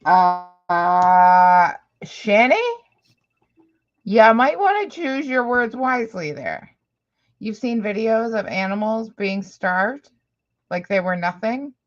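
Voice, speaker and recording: Woman reaction host, mid-pitched, sarcastic and exasperated, muffled lo-fi sound. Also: animated, slow pace. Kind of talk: reaction commentary.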